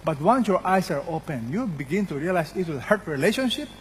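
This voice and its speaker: A man's voice: fairly high pitch, big pitch swings, brisk, slight background noise. An older man preaching a sermon, emphatically repeating key words and putting questions to his congregation. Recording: long hall reverb.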